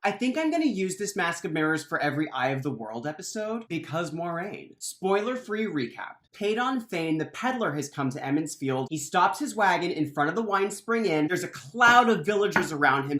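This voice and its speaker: Animated recap host, bright lively voice, echoey room. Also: mid-range voice, moderate pace, hardly any pauses. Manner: animated, playful storyteller. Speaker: podcast host. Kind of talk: comedic book recap.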